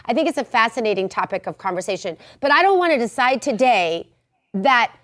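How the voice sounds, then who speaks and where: A woman's voice: on the high side, expressive, a little fast, a bit bright. A woman panelist on a political talk show, talking in a playful, hedging way.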